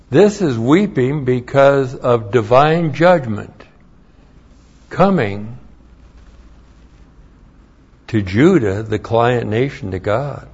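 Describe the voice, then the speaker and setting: A man's voice: mid-range voice, darkish tone, husky, lo-fi sound. A man preaching a verse-by-verse Bible lesson, spelling out Hebrew words letter by letter and repeating key phrases. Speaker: pastor.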